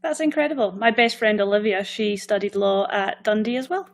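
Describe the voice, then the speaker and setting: A woman's voice: mid-range voice, fairly quick, gravelly. A woman hosting an online interview show, asking friendly, eager questions over a video call. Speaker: podcast host. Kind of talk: casual interview chat.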